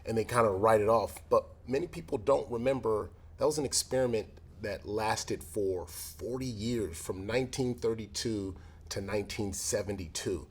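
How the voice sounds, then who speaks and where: Low-voiced man telling a candid personal story. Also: normal speed, husky. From South Central Los Angeles. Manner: earnest, reflective storytelling with many restarts. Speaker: former pro athlete in conversation.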